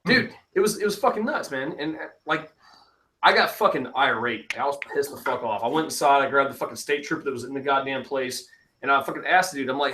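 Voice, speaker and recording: A man with a bright, forceful voice tells a rambling garage-shop story. He swears at every turn, as if chatting with friends. He speaks at an ordinary, middling pitch. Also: quick pace. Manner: swears constantly, animated anecdotes. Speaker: live stream host. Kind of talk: casual profane storytelling. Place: home garage.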